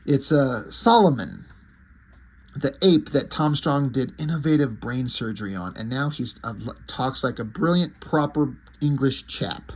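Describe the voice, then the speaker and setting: A man's voice: medium pitch, expressive, measured pace, breathy edge. A man casually reviewing a comic book, enthusiastic and rambling, with frequent hesitations and restarts.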